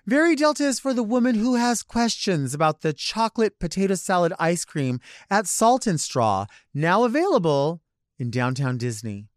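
A man hosting in drag talks in a high-ish voice that leaps all over the place. He rambles through campy, theatrical asides in comic monologue style. The sound is dry and close, with no room around it. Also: sing-song, moderate pace, no room sound. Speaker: podcast host in drag. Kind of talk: comic talk-show monologue.

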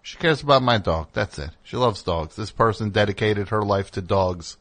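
A man's voice: on the low side, animated, moderate pace, a bit bright. A man hosting a comedic call-in radio show, ranting in a rambling, indignant way.

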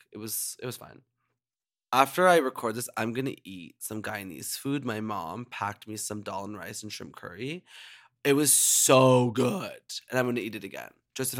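Camp, animated male podcast host. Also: mid-range voice, brisk, no echo, studio quality. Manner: camp, animated, swears freely. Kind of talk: casual chat.

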